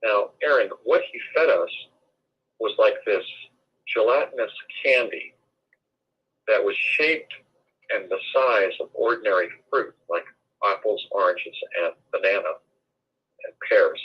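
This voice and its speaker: A man's voice: lowish voice, a little slow, long pauses, breathy edge, lo-fi sound. A man in his sixties telling a long, rambling story as an interview guest.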